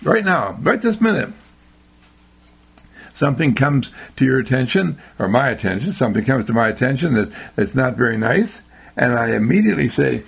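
A man, a university dean, giving a slow, emphatic inspirational radio talk with lots of repetition and exclamations. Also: mid-range voice, very animated, gravelly, slightly rough.

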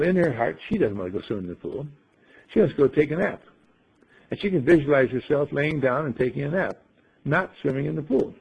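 Husky gravelly man telling a story. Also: a little high, dull audio. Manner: playful, acts out voices in quotes, frequent throat clearing. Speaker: speaker telling a story to a group. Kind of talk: rambling spoken storytelling and musing.

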